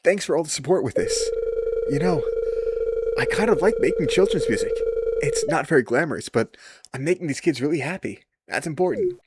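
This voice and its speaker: A man's voice: on the high side, very animated, a little fast. A man reading as upbeat young musician.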